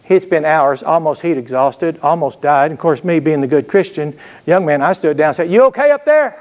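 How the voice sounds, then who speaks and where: A man's voice: a little high, fairly even intonation, moderate pace, darkish tone. A man preaching a sermon, telling folksy stories and throwing call-and-response asides to the congregation. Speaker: pastor.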